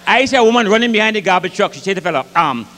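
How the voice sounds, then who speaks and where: Grenadian guy doing comic stories live, high voice, big hall echo. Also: rapid-fire. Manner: lively, dialect-rich, acts out voices. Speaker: storyteller. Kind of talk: stage comic storytelling. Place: concert hall with audience. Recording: live concert hall reverb, faint ambience.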